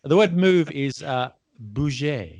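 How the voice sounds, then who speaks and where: A man's voice: medium pitch, lively intonation, normal speed, a bit bright. A man hosting a casual podcast chat, quizzing his guest on word origins with playful, teasing repeats. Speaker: podcast host.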